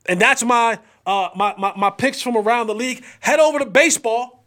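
A man hosting a sports podcast in casual, animated talk, full of slang, trash talk and drawn-out hype calls. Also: extremely high pitch.

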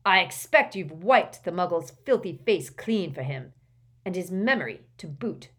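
A woman's voice: deep voice, animated, unhurried, slightly rough, heavily acted. A woman voicing a menacing, contemptuous old man who snarls and sneers. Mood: snarling.

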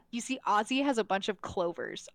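A young woman talks through a movie plot as a podcast co-host, loose and chatty, stumbling over her words and laughing as she goes. Her voice sits at an ordinary middle pitch. The recording is close and dry, with no room sound. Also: big pitch swings, moderate pace, a bit bright, no room sound. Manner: chatty, laughs often, many fillers and restarts. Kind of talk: casual chat reviewing a movie.

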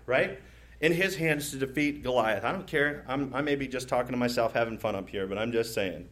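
A male pastor preaching a sermon in a conversational, playful way, with frequent asides, rhetorical questions and quick shifts into imagined voices. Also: mid-range voice, fairly bright tone. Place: church stage.

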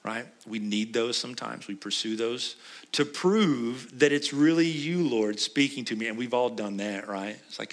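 A man's voice: mid-range voice, moderate pace. A middle-aged man preaching a sermon as a pastor, conversational and often asking his listeners questions. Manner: conversational, asks the congregation questions.

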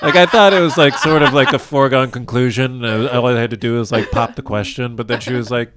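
In a casual interview, a man who lives in a large US city tells the long story of his proposal, rambling, poking fun at himself, and laughing often. His voice sits at medium pitch and he talks quickly, with a crowd audible behind him.

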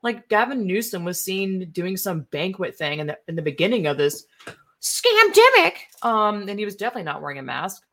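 Indignant, low-voiced woman ranting casually. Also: expressive, fast talker, few pauses. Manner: indignant, profane, rambling with fillers. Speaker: political commentary streamer. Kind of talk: casual ranting commentary while browsing posts.

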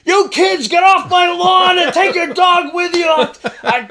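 A man voicing a cranky old man who shouts and sputters. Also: very high voice, measured pace, voice pushed up, exaggerated voice. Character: cranky old man yelling at neighborhood kids.

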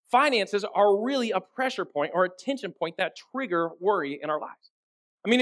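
A male pastor delivers a sermon in a relaxed, conversational manner. He often checks in with his listeners through rhetorical questions. His voice sits quite high for a man.

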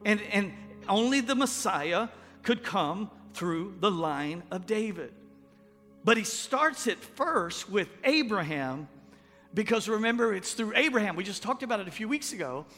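A Texan pastor with a high, bright, forceful voice delivers a folksy, joking sermon in a conversational way. His words ring out with a long reverb through a church sanctuary, with faint music underneath. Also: animated, a little slow. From Texas.

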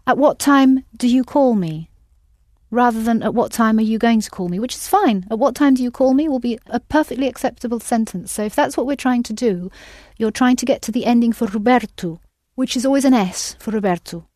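A woman's voice: a little high, brisk, darkish tone, no room sound, studio quality. A woman teaching a language lesson, patiently prompting her students with questions.

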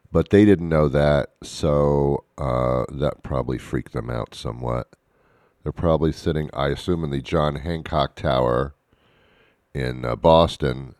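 Male radio host with a very deep voice, dry close mic, loose jokey monologue. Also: a little mellow, no room sound. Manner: rambling, self-mocking, jokey. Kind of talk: casual radio talk. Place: radio studio.

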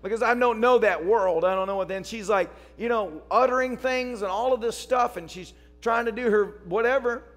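A man preaching a sermon as pastor, telling stories and rising to shouts. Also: high-pitched, moderate pace, few pauses. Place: church service.

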